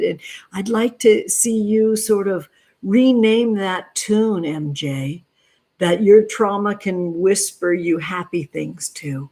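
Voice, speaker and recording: A woman's voice: mid-range voice, darkish tone, breathy edge. A woman hosting a livestream outdoors in a backyard, speaking tenderly and dotingly to her viewers, calling them honey and sweetheart. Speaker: tarot reader and livestream host. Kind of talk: affectionate livestream chat.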